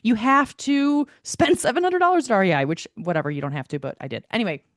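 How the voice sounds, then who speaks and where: A woman co-hosting a podcast, telling a story in a lively, casual way, full of "like" and the odd swear. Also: on the high side, quick pace, no room sound, clean studio sound. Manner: animated storytelling, filler-heavy, swears. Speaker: podcast co-host. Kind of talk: casual chat.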